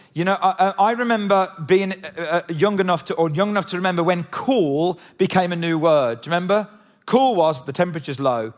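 A man preaching a sermon in a church, animated and conversational, full of rhetorical questions. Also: high-pitched. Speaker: pastor. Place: church auditorium.

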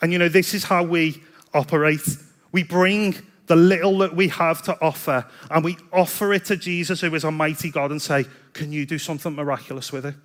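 A man's voice: a little high, steady tone, moderate pace. A man preaching a sermon in a chatty, self-deprecating storytelling way. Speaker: pastor.

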